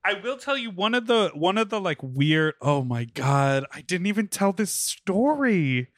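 A man with a somewhat high voice co-hosts a podcast, telling frank stories and laughing easily. The sound is dry and close, with no room around him. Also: very animated, moderate pace, dry recording. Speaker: podcast co-host. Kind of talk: casual podcast chat.

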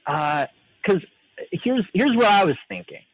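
A man calls in to a talk show, relaxed but stumbling over his words as he talks. His pitch swings widely, and his voice sounds dry and close with no room echo. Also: measured pace. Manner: hesitant, stammering, easygoing. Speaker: caller. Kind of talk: casual phone-in chat.

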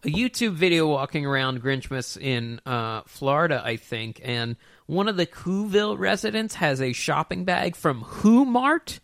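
A man in a casual podcast chat, thoughtful and questioning, speaking softly. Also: on the high side, big pitch swings, moderate pace, gravelly, few pauses, no echo, clean studio sound. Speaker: podcast co-host.

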